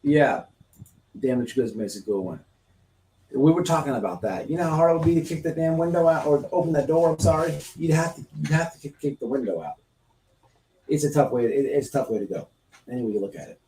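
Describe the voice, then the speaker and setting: A man hosting a casual live stream, talking in an animated, repetitive way and acting out scenes as he speaks. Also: on the high side, a little fast, distant mic, slight background noise. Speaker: livestream host. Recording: roomy, off-mic sound.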